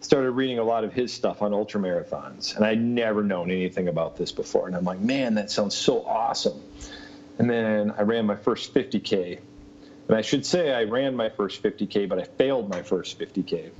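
A man's voice: fairly low pitch, brisk, a little mellow, slight background noise. A man telling a long personal story in casual talk, laughing often and full of fillers. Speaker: interview guest. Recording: muffled lo-fi sound.

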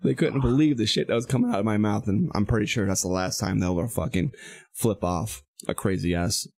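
A man's voice: lowish voice, fairly quick, vocal fry, no echo. A man hosting a podcast, telling a profane road-rage story with lots of swearing and quoted back-and-forth. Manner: profane, animated storytelling, acts out quoted voices. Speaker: podcast host. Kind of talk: casual podcast chat.

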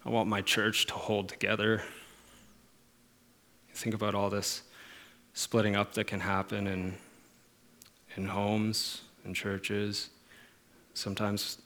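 A low-pitched man delivers a sermon. He talks earnestly, dropping to quiet musing and then rising to strong, stressed points. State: emotional at moments. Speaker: pastor.

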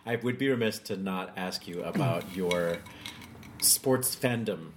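A man's voice: low-pitched, measured pace, noisy background. A male radio host who chats with guests and reads ad copy playfully. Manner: playful, reads ads with mock drama. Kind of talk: radio talk and read ad copy.

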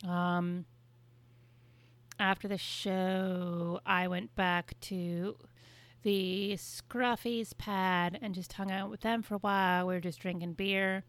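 A woman's voice: mid-range voice, flat delivery, slow, dry recording. A woman co-hosting a podcast, telling stories in casual chat with wry swearing. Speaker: podcast co-host.

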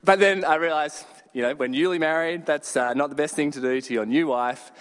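A man preaching a sermon, telling a story with dramatic pauses and sudden shouted bursts. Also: fairly high pitch, clean tone. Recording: long hall reverb.

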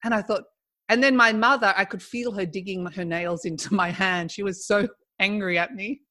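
A woman's voice: mid-range voice, steady tone, normal speed, bright, forceful tone. A middle-aged woman, a guest in a casual conversation, telling a personal story animatedly and laughing as she goes.

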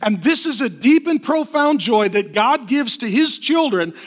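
High-voiced joking male pastor preaching. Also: measured pace. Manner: energetic, joking, asks the congregation for call-and-response. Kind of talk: sermon.

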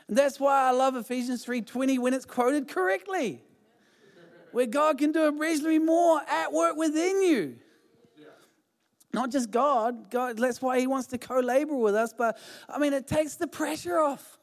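A man's voice: extremely high pitch, moderate pace. A man pastor giving a sermon in a chatty, informal way, with many fillers and restarts. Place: church hall. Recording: hall reverb.

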